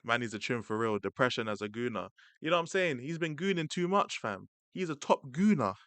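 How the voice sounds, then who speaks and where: A man's voice: medium pitch, lively intonation, brisk, fairly bright tone, no room sound. A young man, a streamer mocking football rivals in casual, slang-heavy banter. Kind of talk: casual livestream rant.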